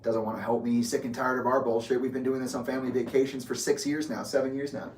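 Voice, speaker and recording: A man telling a story in casual talk, animated and profane, acting out what others said, recorded in an echoey room with the mic far off. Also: mid-range voice, quick pace, hardly any pauses, a little hiss or hum. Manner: profane, animated, acts out quoted speech. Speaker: guest storyteller.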